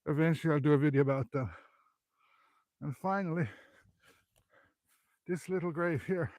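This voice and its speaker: A man's voice: a little high, brisk, long pauses, darkish tone, dry recording. Breathless Irish man guiding a walk. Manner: chatty, rambling, self-correcting. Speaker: local history guide. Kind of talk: live walking history vlog. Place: outdoors on a hillside graveyard. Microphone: handheld phone while climbing.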